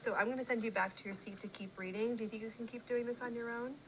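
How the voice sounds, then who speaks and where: Patient teacher coaching a young reader. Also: female voice, on the high side, steady tone, quick pace, a little hiss or hum, low-quality recording. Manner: patient, encouraging, prompting questions. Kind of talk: one-on-one reading conference with a child.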